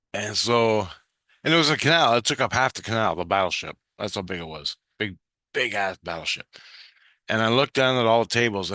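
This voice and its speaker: Low-voiced man telling a rambling story. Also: pushed and bright, no echo, studio quality. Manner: meandering, frequent restarts and casual swearing. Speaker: vlogger recounting a spirit-world vision.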